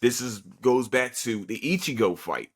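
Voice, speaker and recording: Profane, excitable husky podcast host. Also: male voice, medium pitch, moderate pace. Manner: profane, excitable retelling with fillers. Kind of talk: casual anime review chat.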